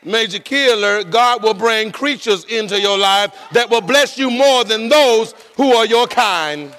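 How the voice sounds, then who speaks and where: A male pastor preaching a sermon. He tells the story with lively energy, laughs as he goes, and swings between shouting and dropping his voice low. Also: unhurried. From rural United States.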